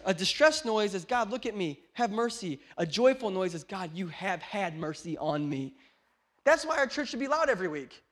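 A man in his thirties preaching a sermon as pastor, swinging between loud shouts and hushed, chatty storytelling. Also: high-pitched. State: tired, short on sleep.

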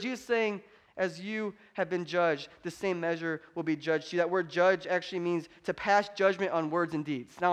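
A man in his thirties preaching a conversational sermon with humor, building to loud, emphatic peaks. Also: high voice. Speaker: pastor.

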